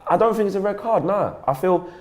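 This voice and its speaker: Fast-talking man co-hosting football chat. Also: sits high. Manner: animated, rapid, full of restarts and quoted banter. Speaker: co-host.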